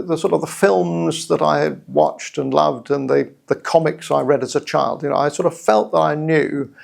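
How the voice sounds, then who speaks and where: British man, middle-aged, gravelly voice, slightly high, measured and reflective, faint music underneath. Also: a little mellow. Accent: British English. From England. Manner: measured, reflective, with hesitant restarts. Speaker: guest storyteller. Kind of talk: personal story told to camera.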